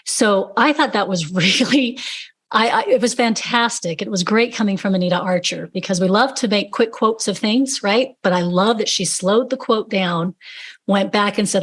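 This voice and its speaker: A woman educator talks with real enthusiasm, stressing her points as she tells stories from her teaching. Her voice sits at an ordinary, mid-range pitch. She speaks in a relaxed podcast conversation. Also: moderate pace. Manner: enthusiastic, emphatic storytelling. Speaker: reading educator and podcast panelist. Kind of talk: casual podcast discussion.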